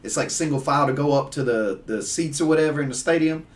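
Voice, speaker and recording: A man, a podcast guest telling stories in casual chat, animated and acting out the people he quotes. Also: fairly high pitch, fast talker, distant mic. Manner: animated, laughing storyteller who acts out voices. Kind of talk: casual storytelling.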